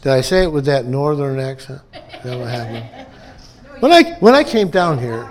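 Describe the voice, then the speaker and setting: A man's voice: medium pitch, big pitch swings, normal speed. A pastor from upstate New York delivering a conversational sermon to his church, often checking in with the congregation by asking "okay?" and "amen?".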